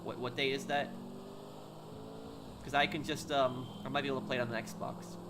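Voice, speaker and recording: In a very noisy recording, a man with a flat, medium-pitched delivery streams a game live. He chats and thanks his viewers, stumbling and restarting as he reads chat in a chatty but halting way.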